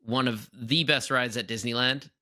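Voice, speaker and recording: Bright-voiced animated podcast man. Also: normal speed. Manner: animated, breaks into high exaggerated impressions. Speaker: podcast co-host. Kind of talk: casual chat.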